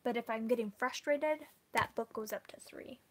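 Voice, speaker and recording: Chatty woman with a higher husky voice. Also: moderate pace. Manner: chatty, many "like" fillers, often laughing. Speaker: book vlogger. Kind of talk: casual live chat with viewers.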